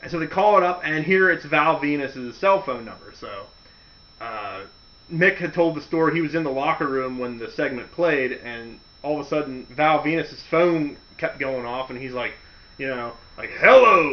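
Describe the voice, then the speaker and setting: A wrestling commentary host, a man with a mid-range voice at normal speed, tells a wrestling story in a casual monologue and acts out the quotes in mocking voices. The audio is dull and lo-fi.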